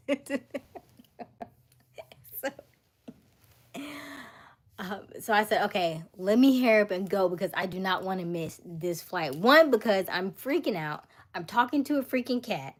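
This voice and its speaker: A woman hosting a livestream, telling a story in a casual, animated way with frequent laughter. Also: medium pitch. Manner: animated, laughing, acts out voices. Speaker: livestream host.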